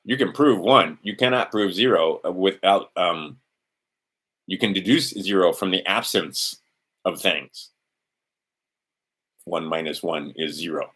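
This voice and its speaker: Low-voiced man rambling on a livestream. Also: unhurried, long pauses, a bit bright, husky. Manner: meandering, talks to himself while scrolling documents; blunt, swears. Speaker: livestream host. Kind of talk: rambling casual livestream monologue.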